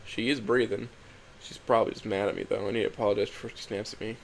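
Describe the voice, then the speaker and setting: A young man narrates a first-person story in a low voice with a gravelly edge. His delivery is quiet and introspective, halting between phrases. A faint background hiss sits under the recording. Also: flat delivery, low-quality recording. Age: young adult.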